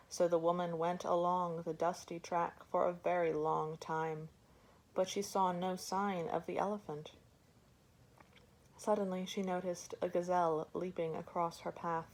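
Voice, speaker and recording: Slow, gravelly woman reading a story. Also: fairly low pitch, little pitch movement, darkish tone.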